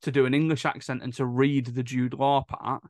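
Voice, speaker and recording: A man's voice: mid-range voice, level tone, moderate pace, no room sound. Hesitant male podcast host, dry sound. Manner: storytelling, hesitant with fillers. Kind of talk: casual chat.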